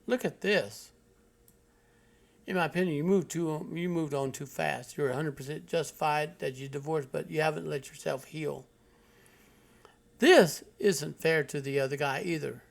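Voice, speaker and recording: A man's voice: fairly high pitch, normal speed, gravelly. A man hosting his own channel, giving blunt, preachy commentary on stories he reads out, lecturing with heavy emphasis. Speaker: channel host. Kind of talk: commentary on read-aloud online stories.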